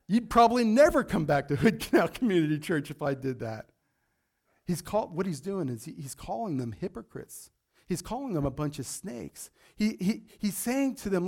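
A male pastor preaching a sermon emphatically, acting out quotes and dropping to a low, intense hush for warnings. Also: sing-song, moderate pace. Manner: emphatic, acts out scripture quotes.

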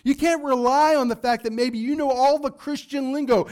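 A male pastor preaching a sermon emphatically, acting out quotes and dropping to a low, intense hush for warnings. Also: steady tone, normal speed. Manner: emphatic, acts out scripture quotes.

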